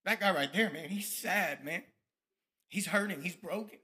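A man, giving a fired-up testimony sermon about his ministry, at times dropping to soft reflective tones. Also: high voice, normal speed. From Tampa, Florida. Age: 30s.

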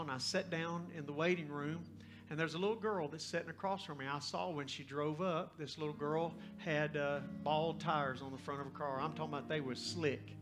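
A man in his fifties, a pastor, telling a personal story in a sermon with an animated, folksy, conversational delivery. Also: fairly high pitch. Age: 50s.

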